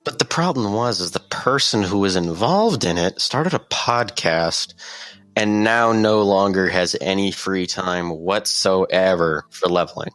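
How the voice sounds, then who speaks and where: A man's voice: sits low, unhurried, a bit bright, no room sound. A teenage boy chatting casually as a podcast guest, blunt and jokey. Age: teens. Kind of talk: casual chat.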